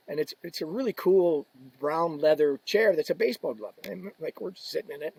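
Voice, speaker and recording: A man talking as a podcast guest, telling stories in a casual, animated way and acting out the people he quotes. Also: on the high side, brisk, creaky, few pauses, husky, no room sound, low-quality recording. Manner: animated storyteller, acts out quoted voices. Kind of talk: casual storytelling.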